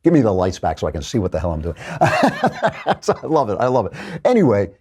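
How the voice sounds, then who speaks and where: Animated low-voiced male host. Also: a little fast, husky. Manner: animated lecturing, repeats words when stressing points. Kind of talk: commentary show monologue.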